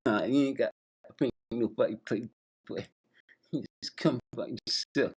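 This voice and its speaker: A man's voice: medium pitch, moderate pace, slightly rough. A man telling a crude, slangy comedic skit story, laughing often as he goes. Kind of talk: improvised comedic skit rant.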